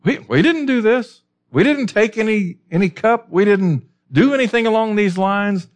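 A preacher voicing Joseph's brothers as anxious men who protest their innocence in a high, insistent tone. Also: male voice, expressive, moderate pace. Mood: defensive.

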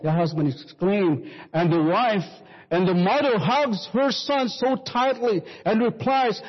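A man preaching a sermon, slowly telling a story and quoting scripture. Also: sits high, slightly rough. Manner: slow, sweeping preaching with Bible quotes. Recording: dull reverberant hall recording.

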